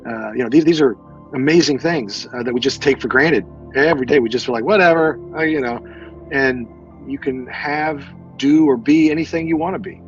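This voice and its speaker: Veteran guy talking earnest, lots of uhs and restarts, kinda dull lo-fi sound, faint music. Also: mid-range voice. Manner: earnest, halting, many fillers and repeats. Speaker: military veteran guest. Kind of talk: casual interview.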